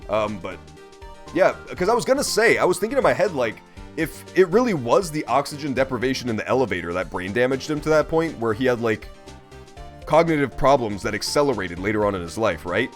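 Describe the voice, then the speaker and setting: A man's voice: mid-range voice, sing-song, fairly quick. A young man streaming a game, chatting casually in a profane, rambling, amused way. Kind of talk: casual gameplay commentary. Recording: faint game music behind.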